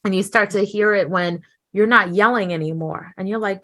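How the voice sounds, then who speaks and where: A woman's voice: medium pitch, moderate pace. A woman in her thirties, an emotional intelligence expert, talking animatedly in an interview and acting out quoted voices. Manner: animated, acts out quoted voices, laughs often. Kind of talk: conversational interview.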